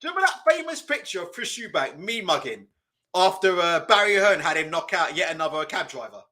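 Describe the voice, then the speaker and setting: A man's voice: high voice, big pitch swings, brisk, bright, forceful tone. A man hosting a live boxing watch-along, commentating in a casual, mocking, profane way. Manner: mocking, laughing, loose and profane.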